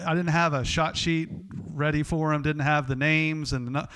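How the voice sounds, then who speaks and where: A man with an Oklahoma accent, a podcast host telling stories in a casual, animated way. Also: on the high side, moderate pace, clear, resonant tone. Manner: animated, lively storyteller with laughs and restarts.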